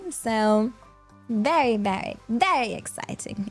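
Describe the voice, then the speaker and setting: A woman's voice: medium pitch, normal speed, darkish tone, faint music behind. A woman, chatting casually on a stream in a bubbly, rambling way with lots of fillers and giggles. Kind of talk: casual chat.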